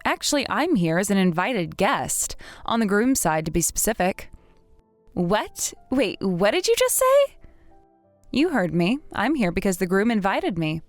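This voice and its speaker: A woman's voice: mid-range voice, very animated, measured pace, dry recording, faint music behind. A woman playing an indignant young woman. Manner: indignant, firm. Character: fed-up young woman confronting her rival. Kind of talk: text-message drama reading.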